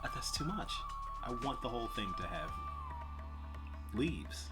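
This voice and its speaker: A man's voice: medium pitch, sing-song, measured pace. A man chatting casually and self-deprecatingly as he pots a houseplant for his vlog. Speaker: plant vlogger. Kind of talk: casual chat while potting a plant. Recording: background music.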